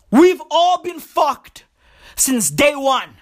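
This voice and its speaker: A woman delivers a comedic rant in a high voice that leaps up and down. She drawls each point out slowly and shouts often. Her talk is loaded with profane slang. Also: big pitch swings.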